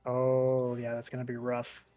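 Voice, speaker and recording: A man playing a tabletop game, talking in an easygoing, hesitant way that trails off quietly. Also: medium pitch, completely flat delivery, a little slow, muffled recording. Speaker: player. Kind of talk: casual tabletop play.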